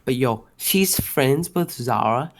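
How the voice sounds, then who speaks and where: A man's voice: mid-range voice, lively intonation, slow pace. A young man co-hosting a casual podcast, joking crudely and swearing heavily. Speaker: podcast co-host. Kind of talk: casual chat.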